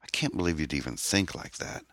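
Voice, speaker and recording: A man's voice: extremely low pitch, animated, a little fast, fairly bright tone, no echo, clean studio sound. A man voicing a caring young man who speaks in an earnest, reassuring way.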